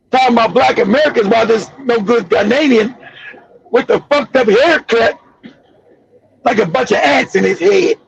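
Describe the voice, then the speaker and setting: High-voiced guy with a creaky rasp, mocking everyone, dull dry lo-fi sound. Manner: mocking, insulting, repetitive. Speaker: show host. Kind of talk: heated casual commentary.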